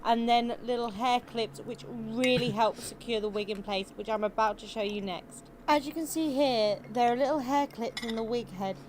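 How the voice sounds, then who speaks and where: A woman narrating a wig tutorial in a smooth, newscaster-like instructional voice-over. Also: a little high, normal speed, few pauses, slight background noise.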